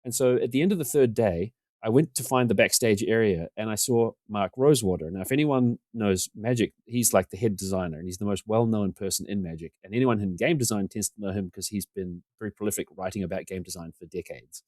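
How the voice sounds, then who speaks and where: A man's voice: fairly low pitch, fairly quick, darkish tone, no echo. A man, a podcast guest telling rambling, self-deprecating stories and acting out what people said. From New Zealand. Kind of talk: casual storytelling.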